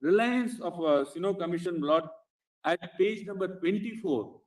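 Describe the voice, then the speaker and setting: A man's voice: high-pitched, expressive, darkish tone. Indian man arguing formally before a bench. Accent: Indian English. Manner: formal, addresses the bench as "Lord" in nearly every phrase, with halting restarts. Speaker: advocate. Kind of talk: courtroom legal argument. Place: courtroom. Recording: echoey courtroom, speaker far from the mic.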